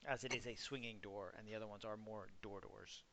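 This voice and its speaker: A man's voice: on the low side, fairly even intonation, brisk, creaky, sharp tone, a little hiss or hum. A young man running an online tabletop game as game master, describing the scene in a casual, filler-heavy way. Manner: casual, loose, many fillers.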